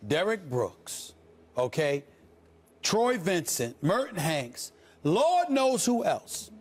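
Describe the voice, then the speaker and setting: A man ranting loudly and sarcastically as a commentator in a heated sports debate. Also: high voice. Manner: loud, sarcastic, emphatic ranting.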